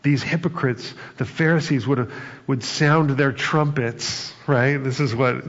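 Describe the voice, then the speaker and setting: A man's voice: mid-range voice, steady tone, unhurried. A man delivering a sermon in a conversational way, acting out quoted lines with bursts of humor. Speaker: pastor. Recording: reverberant hall, dull sound.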